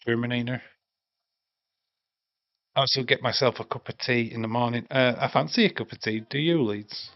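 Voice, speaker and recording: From England, this male streamer hosts a casual watch-along, bantering, reading chat aloud and swearing freely. Medium pitch, normal speed, long pauses; the dry lo-fi home mic gives no echo.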